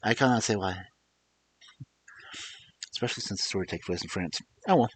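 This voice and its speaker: A man reading fairy tales aloud as a storyteller, expressive and theatrical, with chatty asides to his listeners, on a desk microphone. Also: on the low side, brisk, husky.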